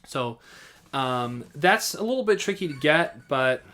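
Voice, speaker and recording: A man teaching accompaniment rhythms in a casual, halting way, often singing rhythm patterns in nonsense syllables. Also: fairly high pitch, over music. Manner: relaxed, halting, vocalizes rhythms with scat syllables. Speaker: music teacher. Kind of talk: casual instructional talk.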